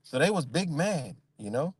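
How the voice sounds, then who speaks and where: A man hosting a casual livestream, ranting in a rambling, profane way and mimicking other people in high voices. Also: very animated, normal speed, slightly rough, dry recording. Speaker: livestream host.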